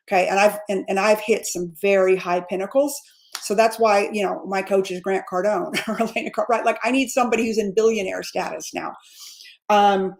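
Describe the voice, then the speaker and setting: A woman in her fifties, a sales coach giving an energetic, repetitive pep talk straight to her viewers, often calling them guys. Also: mid-range voice. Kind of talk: motivational livestream talk.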